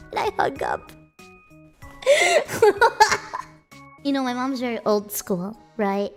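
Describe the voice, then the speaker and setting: A young woman with a high, bright-pitched voice talks to her stream at an easy, unhurried pace. She is playful and chatty, telling stories straight into a desk mic, with faint music underneath. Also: huge pitch swings. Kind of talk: casual chat.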